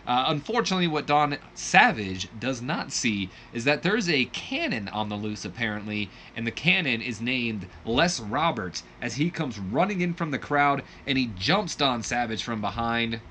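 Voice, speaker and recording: A man's voice: mid-range voice, big pitch swings, normal speed, few pauses, sharp tone, a little hiss or hum. A man narrating a wrestling sim in a rambling, self-correcting way, laughing at his own slips. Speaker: game commentator. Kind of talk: let's play narration.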